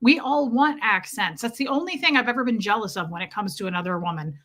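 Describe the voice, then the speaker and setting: A woman's voice: mid-range voice, animated, fast talker, a bit bright. A woman in her forties with an American accent, hosting a live stream in a chatty, sarcastic way and reading out viewer comments. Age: 40s. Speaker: livestream host.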